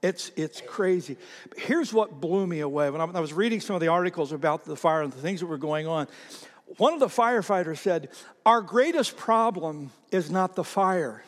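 High-voiced animated male pastor preaching. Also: normal speed, big-room sound. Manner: animated, repeats words, calls on the congregation to read aloud. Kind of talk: sermon. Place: church sanctuary.

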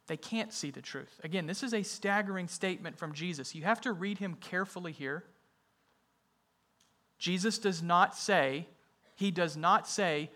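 A man's voice: high-pitched, sharp tone. A man preaching a sermon in an emphatic way, often repeating his key phrases for weight. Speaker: pastor.

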